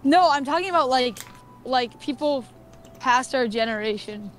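A woman's voice: high voice, animated, normal speed, slight background noise. A woman guesting on a game stream, chatting casually on a call and laughing easily.

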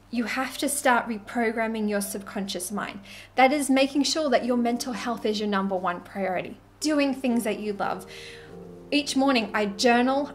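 A woman talking casually to camera as a spiritual coach, giving an animated tarot reading and acting out quoted voices. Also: fairly high pitch.

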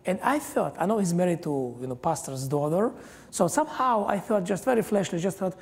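Guest preacher, male, from Israel: gravelly, emphatic delivery with halting phrasing, church hall with long reverb. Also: high-pitched, expressive. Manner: emphatic preaching, frequent hallelujahs, halting non-native phrasing. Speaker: guest pastor. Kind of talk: sermon.

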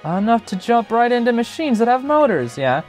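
A man voicing a polite, excitable male bike inventor in a prim, chirpy manner. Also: very high-pitched, normal speed, faint music behind, voice pushed up. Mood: enthusiastic.

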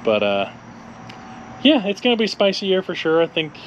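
A man's voice: high voice, wildly swooping pitch, normal speed, highs cut off. A man tells a road-trip story in a casual car vlog. He rambles, stumbles over his words and laughs a lot. A faint hum of outdoor noise runs behind his voice. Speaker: co-host of car channel.

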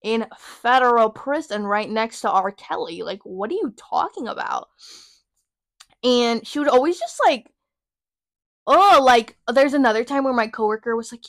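A young woman in her early twenties hosts her own podcast and tells stories in a sassy, profane rant. Her voice sits a little high. It is recorded close and dry, with no room sound. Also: lively intonation, normal speed, no echo. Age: young adult. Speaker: podcast host. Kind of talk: casual storytelling rant.

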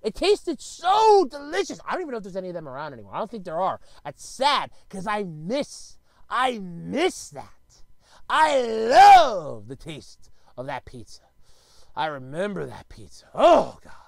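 A man's voice: high voice, normal speed, creaky, no echo. A man on a comic rant, his voice leaping up and down as he exclaims and repeats himself for emphasis. The sound is close and dry, with no room around it. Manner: animated, exclamatory ranting with repetitions. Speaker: vlogger. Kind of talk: comedic rant.

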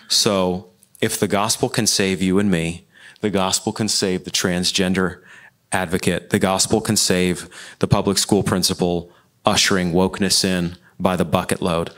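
Brief: man, lowish voice, earnest panelist at a church Q&A, impassioned, restarts and repeats phrases. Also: a bit bright.

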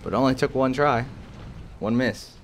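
A young man casually commentating his own tank gameplay, excitable and profane, often jumping into loud outbursts. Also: medium pitch, moderate pace. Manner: excitable, profane, bursts into shouts. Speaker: gaming channel host. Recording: faint game noise behind. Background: game artillery and battle noise.

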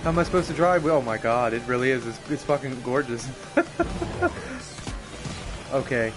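A young man giving casual, profane live commentary on a racing game, excitable and often laughing. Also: medium pitch, quick pace, music in the background. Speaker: streamer.

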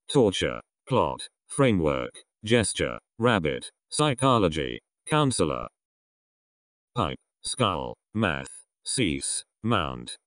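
Deep-voiced man slowly reading words. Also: no room sound, studio quality. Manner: slow, measured reading of single words with pauses. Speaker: vocabulary list reader. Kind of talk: reading a word list aloud.

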